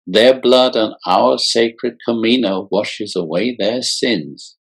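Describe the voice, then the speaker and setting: A man voicing a fanatical mother with a Mississippi Delta accent, a raw raspy purr and slow, sinister preaching. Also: lowish voice, full character voice. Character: unhinged mother, religious fanatic, purring.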